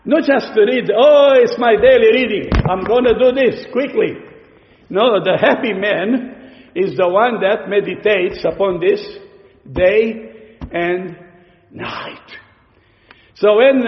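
Slow-talking preacher man in an echoey hall. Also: sits high, creaky. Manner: slow, explanatory, with rhetorical questions. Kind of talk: sermon. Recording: echoey hall, dull lo-fi sound.

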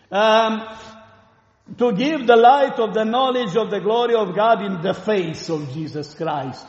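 High-voiced Romanian preacher in an echoey hall. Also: male voice, highs cut off. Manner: earnest, asks the listeners questions, pauses with fillers. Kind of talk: sermon. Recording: echoey hall with long reverb.

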